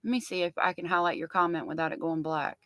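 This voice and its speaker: Woman, middle-aged, chatty livestream host, bright forceful voice, dry close sound. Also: fairly low pitch, steady tone, quick pace, no echo, poor audio. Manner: chatty, reads viewer comments aloud. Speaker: livestream host covering a trial. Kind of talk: casual livestream chat with viewers.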